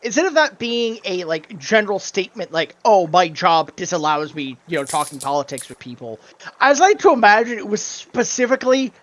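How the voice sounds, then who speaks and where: Lively laid-back streamer guy. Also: sits high, a little fast. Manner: laid-back, swears, laughs often. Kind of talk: casual chat while gaming.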